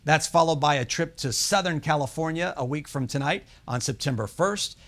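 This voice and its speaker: An upbeat man hosts a casual sports podcast, talking a little higher than most men. He keeps things lively and talks up his guest between questions. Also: normal speed. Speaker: podcast host.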